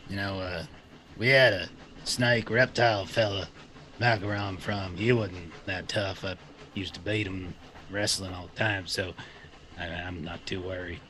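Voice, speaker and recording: Man playing gruff boastful brawler. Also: sits low, steady tone, unhurried, bright, forceful tone, slight background noise, voice pushed down. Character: brash young male ex-wrestler brawler.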